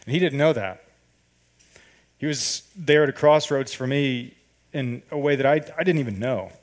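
Animated male preacher telling a story. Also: mid-range voice. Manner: animated storyteller who acts out dialogue. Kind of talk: sermon storytelling.

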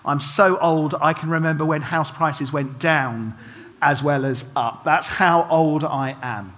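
A man's voice: fairly high pitch, measured pace, fairly bright tone. A middle-aged man, preaching a chatty, self-deprecating sermon full of humorous asides and restarts. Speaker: pastor. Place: church hall. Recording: long reverb of a church hall.

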